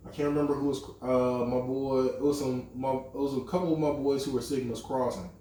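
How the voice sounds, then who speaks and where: A man's voice: medium pitch, brisk, a little hiss or hum. A young man on a podcast, telling a long personal story in casual, profane talk and acting out the lines of the people in it. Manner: animated, profane storytelling with lots of quoted dialogue. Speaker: podcast co-host. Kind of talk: casual storytelling among friends. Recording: echoey room, mic at a distance.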